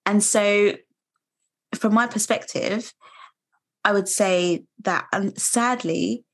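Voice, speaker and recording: A British woman in her thirties, a guest speaking earnestly and reflectively in an interview, pausing and restarting as she thinks. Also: medium pitch. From United Kingdom. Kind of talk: candid interview conversation.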